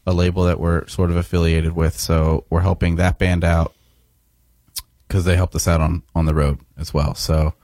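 A man in a band, chatting casually in an interview, relaxed and rambling with jokes. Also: low voice, moderate pace, no echo, clean studio sound. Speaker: busking band member.

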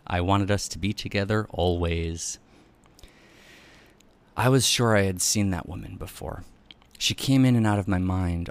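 A man narrating a first-person memoir as an audiobook reader, in a measured, even storytelling manner. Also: deep voice.

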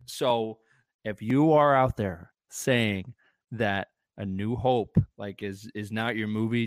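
A man's voice: mid-range voice, no echo. Rambling man in a casual fan chat. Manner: rambling, many restarts and fillers.

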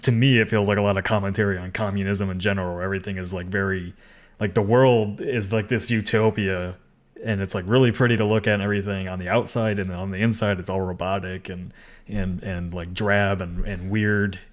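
A man's voice: deep voice, steady tone, fairly quick. A man co-hosting a casual gaming podcast, rambling with lots of "like" and frequent laughs. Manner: rambling, full of "like" and restarts, laughs often. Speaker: co-host.

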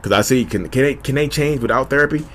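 A man's voice: mid-range voice, fast, fairly bright tone. A man hosting his own channel, giving casual, earnest advice that circles back and repeats itself, calling his listeners y'all. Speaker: YouTube host. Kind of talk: casual direct-to-camera advice talk.

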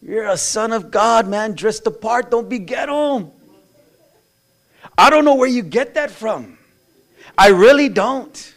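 Male pastor, sermon, high-pitched voice, blunt folksy delivery, slang, asides to the congregation. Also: slow pace, vocal fry, pauses often, a bit bright. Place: church.

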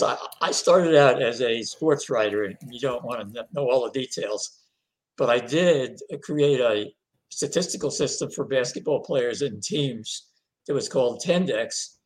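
Older male author guest; halting, stop-start storyteller, mid-pitched. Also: low-quality recording. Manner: halting, repeats words often. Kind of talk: interview storytelling.

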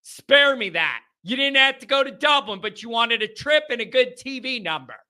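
A man's voice: very high voice, animated, a little fast, bright, forceful tone. A man hosting a sports podcast, talking through his predictions in an emphatic, opinionated and sarcastic way. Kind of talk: casual sports commentary.

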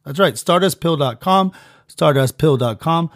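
A man's voice: a little high, expressive, normal speed, dry recording, studio quality. Crude, rambling man hosting a podcast. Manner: rambling, crude, swings between loud and muttered. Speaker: podcast host. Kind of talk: profane mock ad rant.

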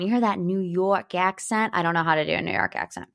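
A young woman from Northeast Ohio hosting a podcast, chatting about pop culture in a gossipy, animated way. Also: on the low side, a little fast, creaky, few pauses. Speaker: podcast host. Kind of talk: casual pop-culture chat.

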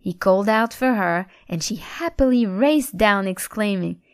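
A woman narrating a scripted story in a steady, even storytelling manner on a close mic. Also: medium pitch, moderate pace, no room sound. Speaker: audiobook narrator.

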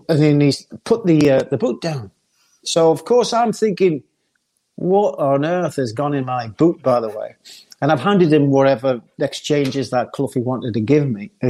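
An older man, telling a lively football anecdote and often laughing. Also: medium pitch, breathy edge. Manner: laughs often, lively storyteller acting out others. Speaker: former footballer guest.

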